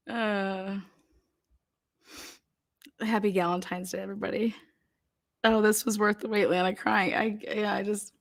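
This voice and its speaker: A woman hosting a true crime live stream, chatting casually, laughing often and swearing loosely. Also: mid-range voice.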